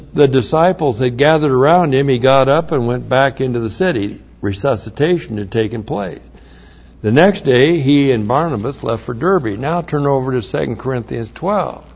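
A man preaching a sermon, reading scripture and explaining it in plain asides, getting louder when excited. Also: mid-range voice, highs cut off.

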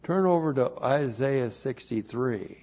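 Slow, emphatic male preacher. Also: medium pitch, expressive, highs cut off. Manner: emphatic, rising loud on key phrases, slowing to stress words. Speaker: pastor. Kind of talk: expository sermon.

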